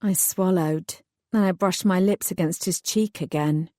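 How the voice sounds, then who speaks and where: Brief: woman audiobook narrator, low mellow voice, measured and even. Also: no echo, clean studio sound. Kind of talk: scripted first-person narration.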